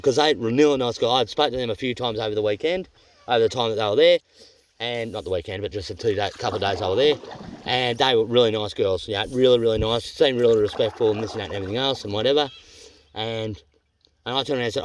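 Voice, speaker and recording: An Australian man talks fast and casually to the camera from a canoe on a river. His storytelling is blunt and rambling, with plenty of swearing. A faint noise sits under the voice. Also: mid-range voice. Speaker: vlogger on a canoe trip. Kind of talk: casual vlog chat.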